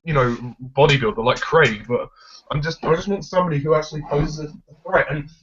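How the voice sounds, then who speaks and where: A man's voice: a little high, lively intonation, brisk, fairly bright tone. A man giving his blunt, opinionated take on a film in a casual discussion. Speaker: film reviewer. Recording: dull lo-fi recording.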